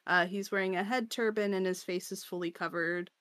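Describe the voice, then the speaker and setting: Bright-voiced woman chatting casually. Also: mid-range voice, steady tone, a little fast, no room sound. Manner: chatty, lots of fillers and laughter. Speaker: podcast co-host. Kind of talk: casual chat recapping manga chapters.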